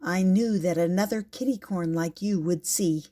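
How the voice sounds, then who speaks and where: An older woman voicing a gentle, grand male unicorn who speaks softly and confidingly. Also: lowish voice, moderate pace, close to an everyday voice. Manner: soft, confiding, hushed.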